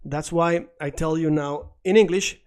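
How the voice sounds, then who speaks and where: A man teaches a recorded lesson. His voice sits a little high, and he explains each step and then repeats phrases for drilling. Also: steady tone, measured pace, a little mellow, clear, resonant tone. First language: Spanish. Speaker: Spanish teacher.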